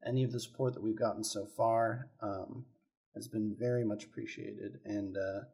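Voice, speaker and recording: Hesitant man with a husky voice. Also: fairly low pitch, fairly even intonation, moderate pace, warm tone. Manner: hesitant, many ums. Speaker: podcast guest, storyboard artist. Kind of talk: casual chat.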